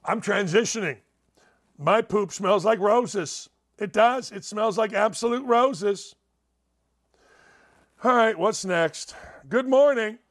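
A male talk show host with a high-pitched voice reads news pieces aloud and mocks them. He is sarcastic and incredulous, one moment loud and the next muttering under his breath. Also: slow pace, pauses often. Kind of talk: mocking commentary on news articles.

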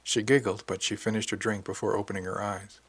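A man reading a novel aloud in the first person, his voice sitting on the low side. The telling is dry and wry, steady and unhurried. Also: husky. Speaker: audiobook narrator.

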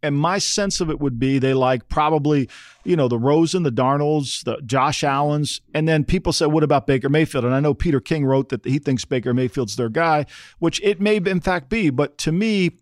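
A man's voice: fairly high pitch, moderate pace, dry recording, studio quality. A middle-aged man co-hosting a football podcast, talking in an emphatic, repetitive way and often checking in with "okay?". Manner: emphatic, repeats points, says "okay?" often. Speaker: podcast co-host, former NFL front office. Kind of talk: casual sports talk.

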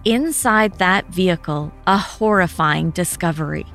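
A woman narrating a documentary in a grave, measured scripted style. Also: lowish voice, a bit bright, soft background music.

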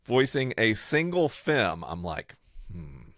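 A young man co-hosting a relaxed chat with a very low voice that swoops up and down as he tells stories. He trades puns and jokes with an easy, animated manner. The sound is close and dry. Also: slow pace, no echo. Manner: playful, punning, animated storyteller. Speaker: co-host. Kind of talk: casual chat.

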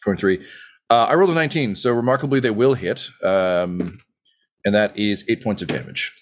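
Young male game master, lowish voice, halting narration full of fillers. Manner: halting, many ums and uhs.

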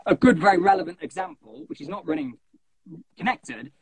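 Lively, fast-talking man with a gravelly voice. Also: sits high, low-quality recording. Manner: animated, jokey, self-interrupting. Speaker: podcast host. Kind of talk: casual chat.

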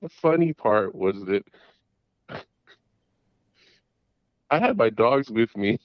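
A man's voice: lowish voice, big pitch swings, dry recording. Middle-aged male caller, dull lo-fi call. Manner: rambling, halting, with many restarts and fillers. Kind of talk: casual storytelling. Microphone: phone call.

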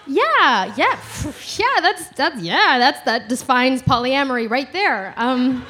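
A woman's voice: high-pitched, takes it slowly, hardly any pauses, noisy background. A woman telling a comic personal story live, giggling and acting out the voices of others. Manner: animated, giggly, acts out quotes.

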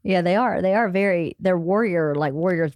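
A woman's voice: fairly low pitch, moderate pace, a little mellow, dry recording. A woman in her fifties hosting a podcast, chatting casually and motherly with her daughters. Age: 50s. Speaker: podcast host. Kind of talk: casual family chat.

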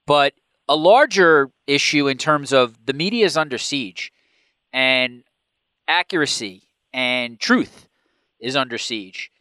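A man's voice: mid-range voice, bright, forceful tone, smooth, no room sound. A man interviewing a guest, asking long, carefully built questions.

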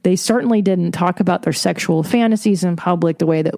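A woman's voice: on the low side, fairly quick, dark tone, dry recording, studio quality. A woman hosting her own podcast, ranting casually in a blunt, profane way. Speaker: podcast host. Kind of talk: solo podcast rant. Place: home recording studio.

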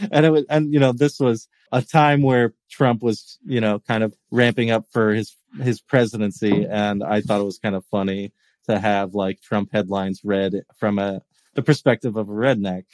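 A man's voice: on the low side, fairly even intonation, moderate pace, darkish tone, no room sound. A man from the United States co-hosting a casual tech podcast, talking in long rambling stretches with frequent laughs and restarts. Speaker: podcast co-host.

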